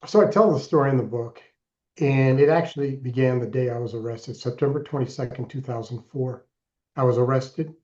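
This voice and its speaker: A man in his sixties speaks as a podcast guest, recounting his past earnestly and deliberately, now and then pressing hard on a word. His voice is mellow and dark. The recording is a bit dull and lo-fi. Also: medium pitch. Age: 60s. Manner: earnest, deliberate storytelling with emphatic bursts. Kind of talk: personal story in interview.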